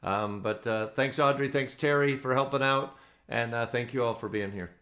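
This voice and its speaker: A man's voice: medium pitch, moderate pace, a bit bright. A man hosting an online ukulele play-along, signing off casually in a loose, rambling way with many ums. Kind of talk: casual sign-off to online viewers.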